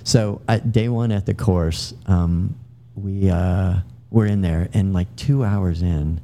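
A man's voice: low-pitched, takes it slowly, warm tone. A middle-aged man, a military veteran guest, telling long casual anecdotes full of fillers and restarts. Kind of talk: casual storytelling.

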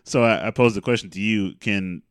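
A man with a very low voice, recorded close and dry with no room sound. He co-hosts a casual chat, asking questions and firing back deadpan, sarcastic one-liners. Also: normal speed, clear, resonant tone, dry recording. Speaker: podcast co-host.

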